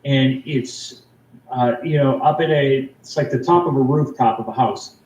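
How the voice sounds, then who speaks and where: A man's voice: mid-range voice, normal speed, slight background noise. Canadian man telling a story over distant, echoey audio. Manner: excited, rambling with fillers and restarts. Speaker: guest. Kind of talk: animated personal storytelling.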